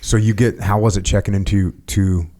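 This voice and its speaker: A man's voice: lowish voice, level tone, a little fast, warm tone. A man hosting a podcast, asking curious, plain-spoken questions with some mild slang. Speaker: podcast host. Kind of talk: casual interview questions.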